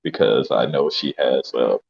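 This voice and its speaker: A man playing a tabletop game, describing his character's actions in a relaxed, chuckling way. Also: very deep voice, a little slow, creaky, muffled recording. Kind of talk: casual in-character chat.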